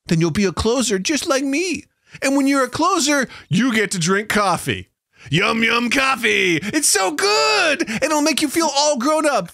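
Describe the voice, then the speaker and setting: A man's voice: extremely high pitch, a bit bright, dry recording, clean studio sound, voice pushed up, full character voice. A man voicing a condescending big-shot salesman who talks baby talk in a sing-song, patronizing way, as a comedic reading of chatbot text.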